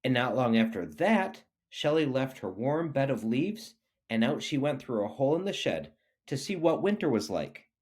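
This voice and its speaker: A man reading a children's picture book aloud, expressive and animated. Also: mid-range voice, moderate pace, husky. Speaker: reader.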